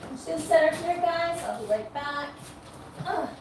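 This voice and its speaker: A woman's voice: high voice, moderate pace, far from the mic. A woman dog groomer chatting casually with viewers on a livestream while she works, now and then cooing at the dogs. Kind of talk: casual live-stream chat while working. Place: grooming room. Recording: roomy, from off-mic, with noise.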